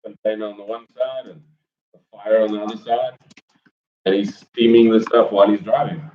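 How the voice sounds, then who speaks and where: Laid-back low-voiced man, distant. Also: steady tone, a little fast, a little hiss or hum. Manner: laid-back, brief replies. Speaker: guest. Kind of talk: casual chat. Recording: roomy, distant, dull lo-fi.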